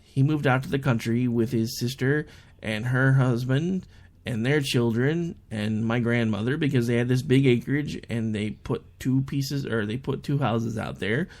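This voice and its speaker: A young adult man with a medium, somewhat dark voice hosts an online talk show at an unhurried pace. He chats through a casual monologue and tells stories, raising his voice when quoting people.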